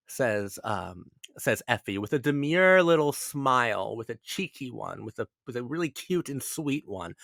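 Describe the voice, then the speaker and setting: A man of middle pitch talks through a casual video analysis with animated energy, restarting words as he stammers toward his point and swearing freely. The sound is close and dry, with no room behind him. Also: measured pace, vocal fry, few pauses, no echo. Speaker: video essay host.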